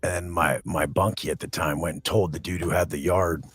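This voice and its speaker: His voice sits low, with a breathy edge and fairly even intonation, and he talks a little fast in a dry, echo-free recording. As a podcast guest, he swears nonstop through blunt, aggressive tales and plays out confrontations in quoted dialogue.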